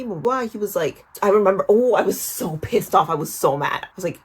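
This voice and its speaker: A woman's voice: mid-range voice, expressive, brisk, husky. A young woman in her twenties chatting through a storytime vlog while doing her skincare. She tells the story animatedly, swears often and calls the viewer "girl". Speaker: vlogger.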